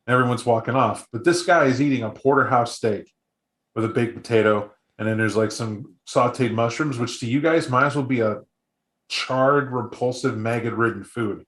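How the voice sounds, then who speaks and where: A man's voice: mid-range voice, normal speed, fairly bright tone. A man serving as game master, narrating a tabletop role-play in a casual, rambling way full of fillers. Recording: echoey room.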